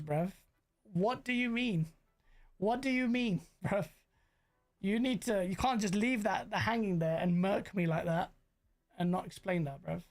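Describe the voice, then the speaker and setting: A young British man with London slang, hosting a casual gaming reaction stream, animated and rambling as he banters with his chat. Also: sits high. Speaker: gaming commentator host.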